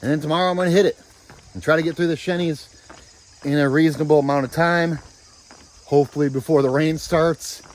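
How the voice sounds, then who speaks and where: Hiking a forest trail, a thru-hiker films himself selfie-style on a handheld camera for an upbeat, chatty vlog update, frequently throwing in "baby." His voice is a little high and fairly even, his pace brisk, with long pauses.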